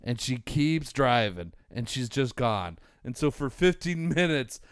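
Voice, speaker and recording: On a close mic, a forty-something podcast co-host unhurriedly tells his friends a rambling, profane, animated story. His mid-range voice sounds clean, with no room sound.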